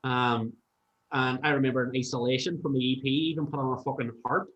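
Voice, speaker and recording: A man's voice: mid-range voice, fairly even intonation, a little fast, fairly bright tone. A man, a musician guest chatting casually and telling stories animatedly, swearing freely. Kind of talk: casual podcast chat. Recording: roomy, dull-sounding room.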